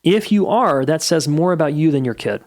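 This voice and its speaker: A middle-aged podcast host delivers a casual solo monologue of candid, blunt advice, swearing freely. His fairly high voice is animated and a little mellow, at normal speed, in a dry, clean studio recording.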